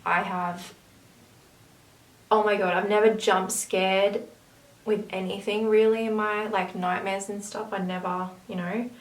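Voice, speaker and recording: A woman's voice: medium pitch, flat delivery, a little slow. A woman talks unhurriedly through her makeup routine, drifting into chatty asides. She sits back from the camera mic, so her voice sounds distant in an echoey room with a faint hiss underneath. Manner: chatty, rambling asides while working. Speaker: makeup vlogger. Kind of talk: casual makeup tutorial chat.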